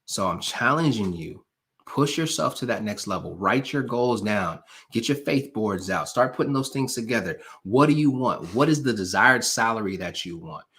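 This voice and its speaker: A man's voice: lowish voice, animated, normal speed, fairly bright tone. A man hosting a live stream, giving a motivational pep talk to his viewers with emphatic, preacher-like repetition and a casual way of speaking to them directly. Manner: casual, talks straight to the audience.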